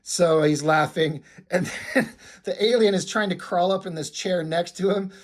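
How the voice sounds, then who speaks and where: A man's voice: sits high, moderate pace. Rambling man chatting casually, laughing. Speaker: video creator. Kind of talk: casual show-and-tell vlog.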